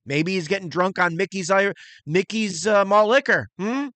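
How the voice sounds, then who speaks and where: A man's voice: high-pitched, moderate pace, a bit bright, no echo. A middle-aged man hosting his own channel, talking in a rambling, crude, casual way about music and his plans. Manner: rambling and crude, imitates beats with mouth sounds. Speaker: channel host reviewing music and movies. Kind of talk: casual solo vlog talk.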